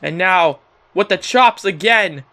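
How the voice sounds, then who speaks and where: A young man giving excitable play-by-play commentary on a wrestling video game, often laughing and calling out to ladies and gentlemen. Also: sits high, slow pace. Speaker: gameplay commentator.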